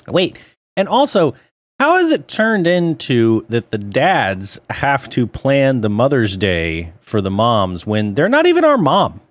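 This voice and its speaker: A man on a casual podcast who chimes in with jokey deadpan interjections. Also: mid-range voice, takes it slowly, dry recording. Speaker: podcast co-host.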